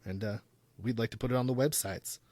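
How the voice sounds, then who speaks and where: A man's voice: medium pitch, fairly even intonation, brisk, darkish tone, dry recording. A man co-hosting a podcast in casual chat, an easygoing storyteller who reads articles aloud. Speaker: podcast co-host.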